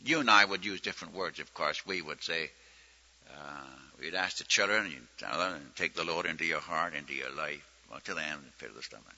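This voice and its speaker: Folksy preacher with a bright, tense voice. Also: male voice, a bass voice, brisk. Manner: folksy storytelling, acts out quoted prayers. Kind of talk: sermon teaching. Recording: muffled lo-fi recording.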